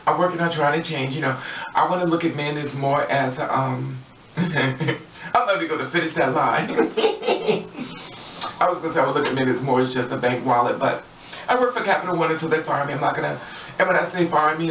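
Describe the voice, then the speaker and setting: A woman's voice: low-pitched, slight background noise. A woman talking to camera in a casual vlog monologue, sassy and profane, laughing often and acting out what people said. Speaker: vlogger. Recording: roomy, distant, dull lo-fi audio.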